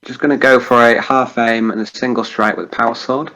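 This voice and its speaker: A man's voice: medium pitch, steady tone, fairly quick, fairly bright tone, poor audio. A man playing a tabletop game, chatting casually and hesitating with ums as he plans his moves. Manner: hesitant, filler-heavy planning. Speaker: player.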